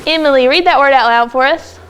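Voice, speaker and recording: A woman teaching a second grade phonics lesson in a classroom, brisk and encouraging as she calls on pupils by name. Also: high voice, a bit bright, slight background noise. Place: classroom with children.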